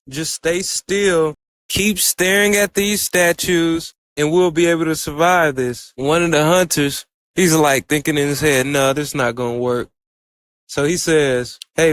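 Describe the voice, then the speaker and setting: A man with a slightly raised pitch gives a casual, excitable story recap. He retells the plot in a loose, chatty way and slips into quoted dialogue for each character as he goes. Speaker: anime reviewer.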